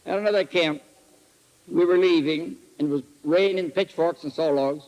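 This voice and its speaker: A man preaching at a retreat, telling folksy stories with animated swings between loud exclamations and quiet asides. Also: fairly high pitch, normal speed. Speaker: retreat speaker. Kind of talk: folksy sermon with storytelling. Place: retreat hall. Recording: archival 1968 recording in a hall with long reverb.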